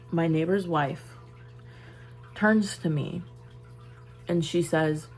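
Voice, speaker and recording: A woman's voice: deep voice, takes it slowly, long pauses, darkish tone. A young woman vlogger telling a personal story to camera in a casual, emphatic way, often repeating her phrases.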